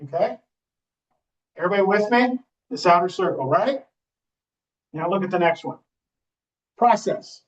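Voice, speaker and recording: A man's voice: high-pitched, lively intonation, unhurried, long pauses. A man, a real estate trainer, teaching a live class in a training room and often checking in with the audience as he talks. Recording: dull, muffled recording.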